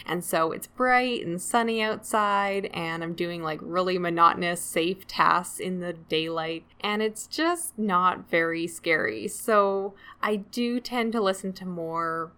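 A woman's voice: lowish voice, a little slow, few pauses, sharp tone, clean tone. A woman co-hosting a book podcast, talking in a chatty, self-deprecating way and laughing often. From Canada. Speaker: podcast co-host. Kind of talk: casual book chat.

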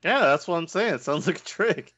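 A man's voice: fairly high pitch, lively intonation, fairly quick, a bit bright, no room sound, highs cut off. A man in casual podcast chat, dry and blunt, correcting the others. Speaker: podcast co-host.

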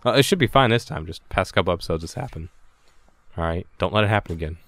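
A man's voice: low voice, expressive, quick pace, fairly bright tone, no room sound. A man hosting a casual podcast, rambling and joking crudely over a voice call on a headset mic. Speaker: podcast host. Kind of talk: casual chat.

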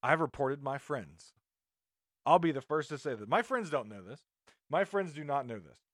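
His voice runs high and sing-song, fairly bright, at a moderate pace, with no echo and clean studio sound. He's a podcast host in an indignant monologue, rambling and frequently starting his sentences over.

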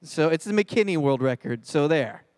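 High-voiced, lively man preaching. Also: normal speed, no echo. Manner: animated, jokey, talks straight to the crowd. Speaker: pastor. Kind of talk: comedic youth sermon.

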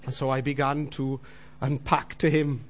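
A man's voice: mid-range voice, flat delivery, moderate pace. A middle-aged man giving a personal faith testimony, telling his story earnestly and appealing directly to his listeners. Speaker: Christian businessman giving testimony.

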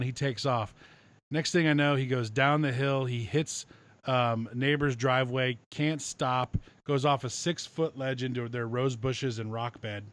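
Brief: male co-host, casual, dry self-deprecating storyteller, mid pitch. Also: steady tone, a little slow, a bit bright.

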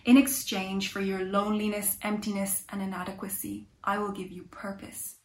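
A woman voicing a calm, kind, resolute man with scarred hands, speaking in a hushed, gentle way. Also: mid-range voice, normal speed, close to an everyday voice. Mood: gentle, steady. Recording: echoey room.

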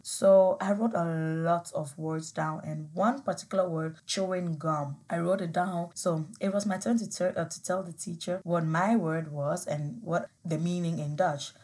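A young woman with a Ghanaian accent tells a personal story. She speaks with animated emotion and laughs often as she talks. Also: fairly low pitch. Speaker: vlogger.

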